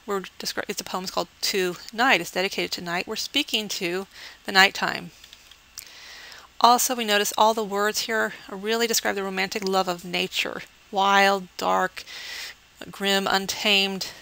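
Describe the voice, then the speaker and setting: A woman lectures on poetry in a clear, bright voice with a gravelly edge. She explains each term step by step, checks in often with her listeners, and reads verse at a slow, measured pace. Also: medium pitch, rough recording. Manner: teacherly, explains step by step with frequent "okay" checks; reads the poem slowly and measured. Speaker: English professor.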